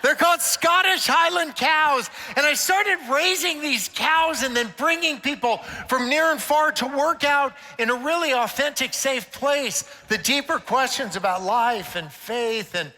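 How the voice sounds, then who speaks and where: The long echo of a large hall surrounds this older man as he inspires a conference of church leaders with playful, joking stories. His pitch is extremely high, pushed and bright, and he keeps a measured pace with barely a pause.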